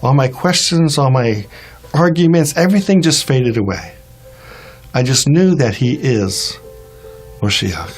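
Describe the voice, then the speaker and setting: A man's voice: mid-range voice, animated, a little slow, pauses often, breathy edge, faint music behind. A man telling his personal faith testimony in an earnest storytelling way, acting out the dialogue he quotes. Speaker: testimony speaker.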